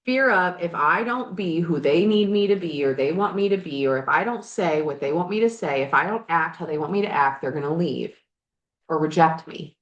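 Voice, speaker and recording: A woman's voice: fairly low pitch, normal speed, highs cut off. A woman life coach and podcast host talking frankly and animatedly, now and then swearing, while working on projects in her garage. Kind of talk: candid motivational chat. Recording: roomy echo.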